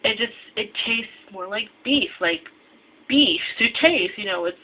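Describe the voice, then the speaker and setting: A woman's voice: medium pitch, lively intonation, measured pace. A young woman from the American Midwest, a culinary student, talking casually to her camera, tired and half asleep, rambling and correcting herself often. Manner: rambling, many restarts and self-corrections. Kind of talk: casual vlog talk to camera. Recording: tinny lo-fi with faint hiss.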